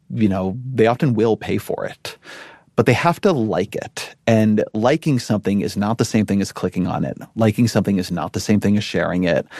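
A middle-aged man with a lowish voice talks through ideas in a measured, reflective way and often circles back to restart a thought. His voice sits close and dry, with no room sound behind it. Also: darkish tone, dry recording. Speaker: podcast guest. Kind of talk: conversational interview.

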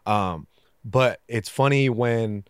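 A relaxed man in his thirties chats as a podcast guest, slangy and easygoing, dropping swear words without a second thought. His voice sits at an ordinary pitch for a man. It comes across dry, with no room sound around it. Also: takes it slowly, clean tone, no echo. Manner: laid-back, swears freely, slangy. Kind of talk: casual chat.

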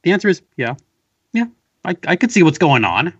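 A man's voice: a little high, very animated, brisk, breathy edge, muffled recording. A man from Southern California chatting casually on a podcast, telling a rambling, wry story full of fillers. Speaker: podcast host guest. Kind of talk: casual chat.

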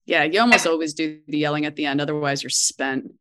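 Woman host, casual interview, upbeat, quick reactions, slightly low pitch. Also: a bit bright.

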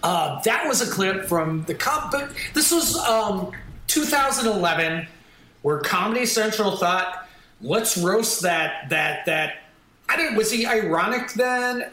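A man hosting a casual comedy podcast, halting and upbeat, with frequent restarts. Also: sits high, expressive, pushed and bright. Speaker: podcast host. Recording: echoey room.

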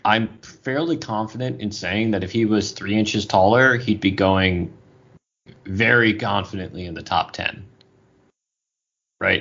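A man co-hosting a casual sports podcast, opinionated and animated, often restarting his sentences. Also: fairly low pitch. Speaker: podcast co-host. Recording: dull lo-fi audio over bad Wi-Fi.

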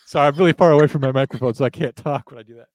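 A man's voice: fairly high pitch, racing, a little mellow, dry recording. A man co-hosting a podcast, doing playful, overplayed ad reads in a casual, joking way. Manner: jokey, overplayed sales energy. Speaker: podcast co-host reading ads.

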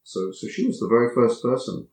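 A man being interviewed about his acting work, telling anecdotes in a reflective, halting way and often repeating words as he thinks. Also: medium pitch, big pitch swings, darkish tone. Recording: roomy echo.

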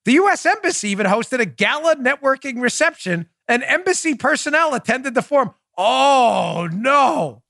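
Male podcast host, high bright tone, dry close mic, sarcastic and animated delivery. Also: moderate pace, creaky, few pauses, no room sound. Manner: mocking, animated, laughs at own jokes. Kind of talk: sarcastic political commentary.

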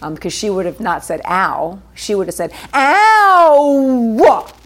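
A woman's voice: on the low side, normal speed, a bit bright. A middle-aged woman from New York, a guest actress telling stories at home in a casual interview, swearing freely and laughing mid-story.

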